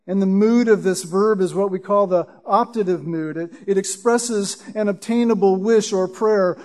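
A man preaching and teaching verse by verse through a Bible passage, in a measured, explanatory way with emphatic scripture quotes. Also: high-pitched, mellow.

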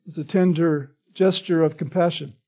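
A man's voice: a little high, steady tone, normal speed, mellow. A man preaching a sermon in an earnest, emphatic way, often checking in with "right?". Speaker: pastor.

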